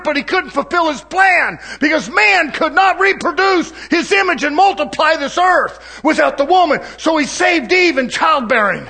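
A man preaching a sermon in church, swinging between shouted climaxes and quiet, almost confiding asides. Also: very high-pitched, animated, moderate pace, gravelly, few pauses.

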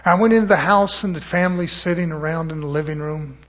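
An earnest male preacher sharing a testimony in a sermon, his voice a little higher than most men's. He talks straight to his listeners, calling them brother, and builds into fervent, emphatic bursts. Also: fast, a bit bright.

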